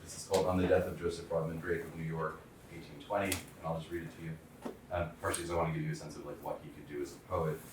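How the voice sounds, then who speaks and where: A man's voice: extremely low pitch, level tone, rapid-fire. A man giving a public talk on poetry in a loose, hesitant way, with many ums and restarts. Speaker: lecturer. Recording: far-off mic in a very echoey room with faint noise.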